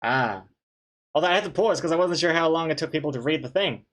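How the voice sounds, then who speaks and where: A man's voice: fairly high pitch, expressive, fast talker, fairly bright tone. A man, a webcomic artist, chatting casually on a live stream, reading chat aloud with dry, joking banter and rambling restarts.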